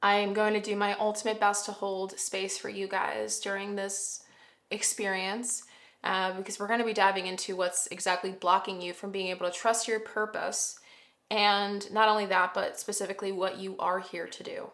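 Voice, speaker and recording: A woman with a bright, sharp voice talks through a tarot reading in a loose, chatty way, hedging and correcting herself as she goes. She sounds like she is in an echoey room at home. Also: medium pitch, little pitch movement, normal speed. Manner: chatty, rambling, self-correcting, with fillers. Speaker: tarot reader. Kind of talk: casual spoken tarot reading to camera. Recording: roomy echo.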